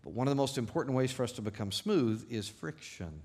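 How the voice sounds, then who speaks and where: A male pastor preaching a sermon to his congregation, telling stories with animated, self-deprecating humor and playful irony. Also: mid-range voice, fairly quick, breathy edge. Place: church service before a congregation.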